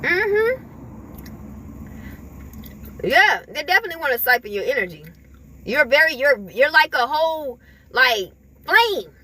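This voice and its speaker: A woman's voice: high-pitched, big pitch swings, measured pace, long pauses, pushed and bright. A woman giving an emphatic, repetitive spiritual pep talk to her viewers, chuckling between points. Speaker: spiritual vlogger.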